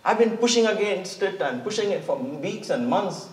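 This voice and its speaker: A man's voice: high voice, lively intonation, normal speed, pitched above the performer's own voice. A man voicing an exasperated young devotee pleading with God in a parable, in an echoey hall. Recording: echoey hall, mic at a distance.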